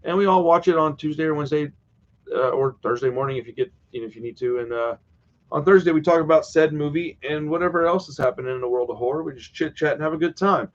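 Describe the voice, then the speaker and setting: A man's voice: a little high, quick pace, lo-fi sound. A man hosting a horror live stream, chatting casually and wandering off topic from home. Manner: rambling, easily sidetracked, chatty.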